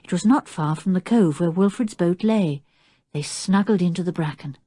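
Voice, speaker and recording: A woman narrating an audiobook with expressive storytelling. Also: fairly low pitch, moderate pace, no echo. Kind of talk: scripted narration.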